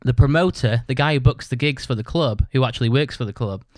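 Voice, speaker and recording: Here a podcast host with a darkish, mid-range voice speaks quickly, recorded without room sound. His casual monologue wanders as he tells a story, cursing constantly and tagging lines with "right?".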